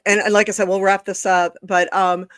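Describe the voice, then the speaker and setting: A woman's voice: medium pitch, level tone, normal speed, a bit bright, clean tone, no echo. A woman hosting a chat show over a video call, telling a frank story in a rambling way full of fillers and restarts. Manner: rambling, frank, with many fillers and self-corrections. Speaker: host. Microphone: video call streaming setup.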